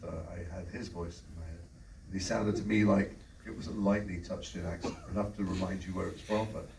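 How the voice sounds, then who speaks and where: A man on a convention panel, answering an audience question in an articulate, explanatory way, with quick restarts. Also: sits low, creaky, a little mellow, a little hiss or hum. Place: large convention hall. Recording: echoey hall from far off.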